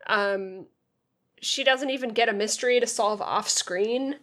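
A woman's voice: a little high, unhurried, fairly bright tone. Frank, amused woman podcast co-host. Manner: frank, amused, laughs often. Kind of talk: casual book discussion chat.

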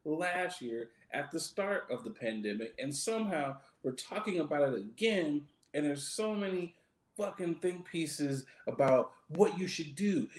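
A man co-hosting a podcast, joking loosely in casual banter and stretching his words out. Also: fairly high pitch. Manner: loose, joking, drawn-out delivery. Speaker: podcast co-host. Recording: echoey room.

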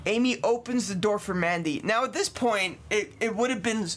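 A man's voice: high-pitched, normal speed, fairly bright tone, a little hiss or hum. A man hosting a casual podcast, retelling a true crime story with lots of fillers and laughs. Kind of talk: casual chat.

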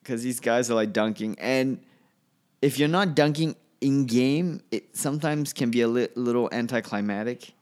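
A man's voice: mid-range voice, normal speed, a little mellow. A male comedian talking alone on his podcast, rambling and offhand, often trailing off and restarting his sentences. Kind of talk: solo podcast monologue.

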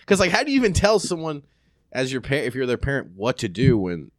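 A man's voice: medium pitch, wildly swooping pitch, brisk, no room sound. A man, a comedian, in loose, rambling casual chat who laughs into his stories. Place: Sacramento area.

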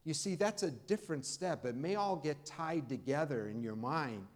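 Preaching a Sunday sermon in church, a man with a fairly high, lively voice speaks to his congregation in an easy, conversational style. He uses warm pauses and leans on key words with emphatic rises.

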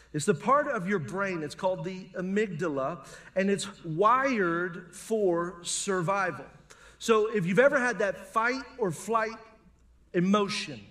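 A pastor preaching a sermon in a church service, lively and humorous, calling for responses from the congregation. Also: male voice, sits high.

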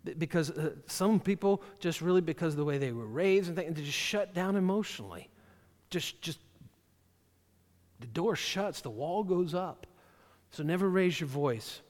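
A man delivers a sermon as a pastor, speaking plainly and conversationally and doubling up words as he begins his thoughts. His voice sits a little on the high side for a man. The sound carries the long reverb of a large church hall. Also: expressive, normal speed. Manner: conversational, repeats words at the start of phrases.

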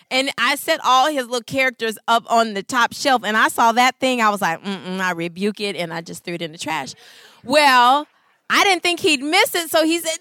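A woman in her thirties giving a Christian talk on marriage, expressive and full of acted-out voices. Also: fairly high pitch, no echo, clean studio sound. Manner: expressive, acts out voices, laughs. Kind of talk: animated storytelling talk.

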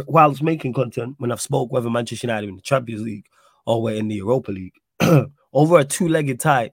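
A man's voice: mid-range voice, no room sound, studio quality. A man hosting a casual live stream, chatting and reading out viewer messages, with a slight cough. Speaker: stream host.

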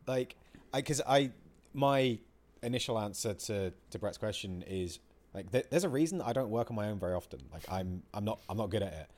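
A man's voice: on the low side, lively intonation, fairly quick, darkish tone. A man co-hosting a casual podcast chat, swearing freely and acting out his own outbursts as he talks. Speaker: podcast co-host.

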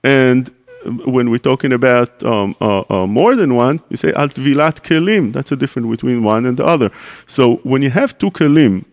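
A man's voice: mid-range voice, moderate pace. A man, a rabbi, giving a radio Torah class, explaining step by step, asking questions and answering them, with Hebrew terms mixed into his English.

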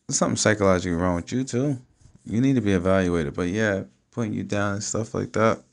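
Vlogger, male, lowish voice, casual profane riffing to camera. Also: creaky, darkish tone. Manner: loose, streetwise, swears freely, keeps asking "you know what I'm saying". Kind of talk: casual solo talk to camera.

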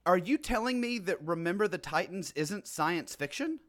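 Goofy podcast cohost, bright-sounding guy, deadpan jokes. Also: high voice, moderate pace. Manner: playful, deadpan mock-serious asides. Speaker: podcast co-host. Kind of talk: casual comedic chat.

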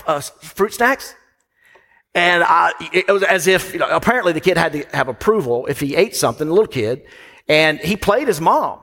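A man's voice: a little high, a bit bright. A man delivering a sermon as pastor, conversational and storytelling, with asides to the congregation. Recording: long hall reverb.

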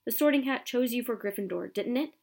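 A woman's voice: fairly high pitch, lively intonation, brisk, vocal fry, darkish tone. Woman reading earnest kind boy, plain voice.

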